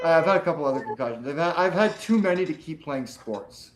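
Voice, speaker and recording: A man with a fairly high speaking voice rambles through stories in a loose podcast chat. He laughs easily and swears often, with plenty of fillers and restarts. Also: animated, a little fast, very noisy. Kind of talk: casual chat.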